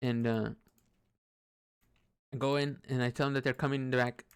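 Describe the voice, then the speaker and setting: While playing a computer game, a man rambles casually through a personal story, swearing a lot and piling on fillers and restarts. His medium-pitched voice is smooth, moves little in pitch, and keeps a normal speed.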